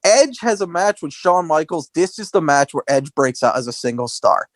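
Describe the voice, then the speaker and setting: A man tells the story in casual podcast chat. His voice sits a bit high, and he keeps the pace lively by jumping into other people's quotes. The sound is dry and close, with no room behind it. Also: moderate pace, no echo. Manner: animated storytelling, acts out quotes in a raised voice. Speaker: podcast co-host. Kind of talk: casual wrestling recap.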